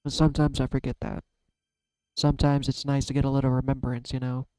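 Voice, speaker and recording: A man speaks openly to his viewers while holding back tears, often trailing off and restarting. His voice is smooth and mellow with a fairly flat melody. The sound is close and dry. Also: medium pitch, a little fast, no room sound, low-quality recording. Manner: emotional, searching, trails off and restarts. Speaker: YouTube card-reading vlogger. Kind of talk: heartfelt personal talk to camera.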